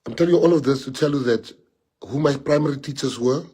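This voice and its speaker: Here a native Afrikaans speaker from South Africa talks quickly in a medium-pitched, slightly rough voice. His livestream monologue is impassioned and heavy on rhetorical questions, veering from quiet stretches to loud ones.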